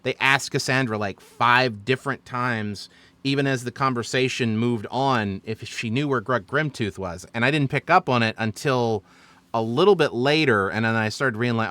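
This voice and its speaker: A man's voice: mid-range voice, normal speed, a bit bright, dry recording. A man as dungeon master, chattily recapping and explaining his choices on a stream. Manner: chatty, explaining with fillers and self-corrections.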